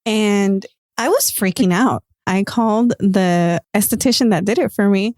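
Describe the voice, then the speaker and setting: Woman host, mid-pitched, chatty and emphatic, dry close sound. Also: unhurried, a little mellow, no echo. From United States. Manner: chatty, emphatic, asks follow-up questions. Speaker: podcast host. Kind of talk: casual podcast chat.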